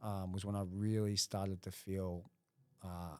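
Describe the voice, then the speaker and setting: Deep-voiced laid-back man. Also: little pitch movement, unhurried, dark tone, clean tone, no room sound. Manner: laid-back, frequent "bro" and "man", laughs while telling stories. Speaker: jiu-jitsu gym owner and competitor. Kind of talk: casual podcast conversation.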